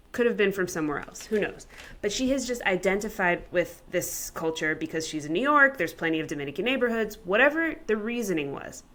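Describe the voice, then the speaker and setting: Rambling woman co-host, low voice. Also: a bit bright. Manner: rambling, heavy use of "like". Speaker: podcast co-host. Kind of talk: casual conversation.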